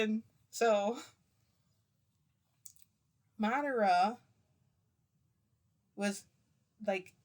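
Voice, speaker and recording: Chatty woman with a low voice. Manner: rambling, chatty, with frequent laughs and fillers. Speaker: vlogger. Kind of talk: casual storytelling to camera.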